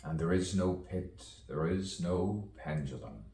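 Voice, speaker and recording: A man's voice: sits low, expressive, a little slow, creaky, mellow, slight background noise. A man performing a spoken-word poetic monologue in a rhythmic delivery full of repetition and wordplay. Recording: echoey room, distant mic.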